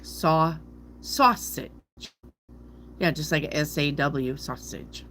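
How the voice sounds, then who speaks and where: Slow, low-voiced woman joking on a stream. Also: fairly bright tone, slight background noise. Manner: joking, bawdy, laughs often. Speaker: tarot reader. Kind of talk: casual live-stream chat.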